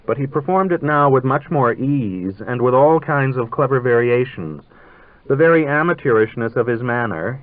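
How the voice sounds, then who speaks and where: A man narrating a literary story in a measured, dryly ironic way, heard on a tinny old radio broadcast. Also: medium pitch, dry recording.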